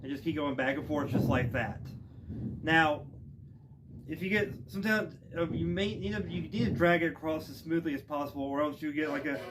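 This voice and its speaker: A man giving a casual instrument lesson outdoors, relaxed and rambling with plenty of ums and restarts. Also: fairly high pitch, fairly quick, very noisy. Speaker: music teacher. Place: outdoors with wind. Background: bowed string instrument playing.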